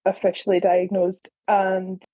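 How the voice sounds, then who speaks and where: A woman's voice: mid-range voice, monotone, unhurried, no room sound, dull audio. A woman in her forties from Scotland talking candidly on a podcast, holding back emotion and swearing. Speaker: community member. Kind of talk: casual podcast introduction.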